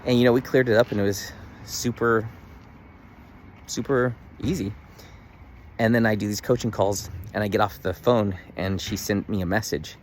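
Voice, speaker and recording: A man in his thirties talking casually to the camera in a daily video diary, earnest and animated, full of "like" fillers. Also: lowish voice, moderate pace, slight background noise. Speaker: vlogger.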